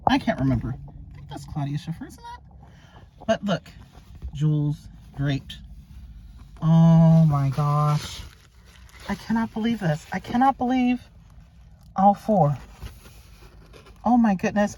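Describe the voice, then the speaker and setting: A woman's voice: sits low, mellow, a little hiss or hum. A woman vlogger unboxing luxury items in a casual, gushing way, thinking aloud and exclaiming over what she finds.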